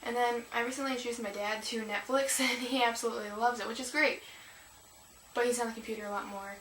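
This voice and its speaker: A woman's voice: a little high, steady tone, fast talker, fairly bright tone. Teenage girl vlogging in an echoey room. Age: teens. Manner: rambling, emotional, with frequent laughs and fillers. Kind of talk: casual confessional vlog. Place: room at home. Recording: echoey room, distant mic, noisy.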